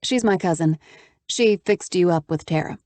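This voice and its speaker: Woman voicing a crisp, determined young woman. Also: lowish voice, moderate pace, dark tone, no room sound, close to an everyday voice. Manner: crisp, businesslike. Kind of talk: audiobook character voice.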